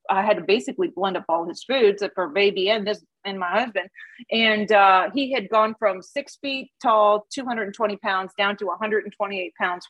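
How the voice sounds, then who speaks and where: A woman's voice: medium pitch, fairly bright tone, dry recording, poor audio. A middle-aged woman sharing her personal recovery story with a support group, candid, laughing at her past. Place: Dallas.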